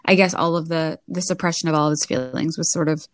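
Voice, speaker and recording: Lower-pitched woman, podcast co-host, lively casual chat, dry close sound. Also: quick pace, no echo. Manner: chatty, animated, laughs often.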